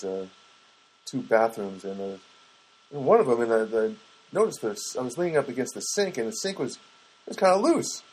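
Husky guy rambling to the camera, lots of uh and um, wry little asides. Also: fairly low pitch, a little mellow, rough recording. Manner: hesitant, many fillers and restarts, wry asides. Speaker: vlogger. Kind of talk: rambling casual monologue.

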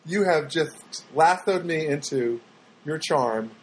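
A man's voice: on the high side, takes it slowly, a little hiss or hum, low-quality recording. Gushing, swooning woman, as a man mocks her, syrupy and overdone. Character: young woman gushing over a suitor.

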